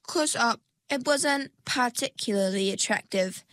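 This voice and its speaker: A woman narrating a storybook in a measured, scripted reading. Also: fairly high pitch, a bit bright, no room sound.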